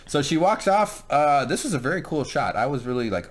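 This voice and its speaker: A man's voice: fairly high pitch, sing-song, a little fast. A man co-hosting a show review in casual chat, joking and swearing and acting out scenes. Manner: joking, profane, acts out scenes.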